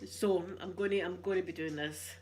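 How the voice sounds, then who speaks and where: A woman with a Glaswegian Scottish accent chatting casually, a rambling storyteller who laughs often and slips into soft asides. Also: lowish voice, steady tone, normal speed. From Glasgow, Scotland. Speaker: ASMR vlogger. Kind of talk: casual chat.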